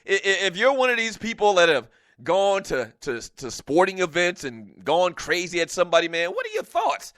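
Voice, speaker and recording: Animated man hosting sports talk radio. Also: high-pitched, normal speed, dry recording. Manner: animated, venting, laughing often. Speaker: radio show host.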